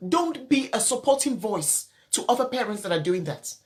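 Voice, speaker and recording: Upset, emphatic woman with lively pitch. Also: brisk. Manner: emphatic, repeats key points. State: upset and teary. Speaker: parenting coach. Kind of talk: emotional live-stream talk.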